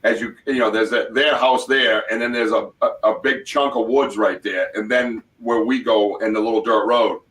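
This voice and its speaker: A man hosts a loose live chat and talks haltingly, hunting for the right words. He sits a little back from the microphone, so his voice comes across slightly distant. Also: medium pitch, steady tone, a bit bright. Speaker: host.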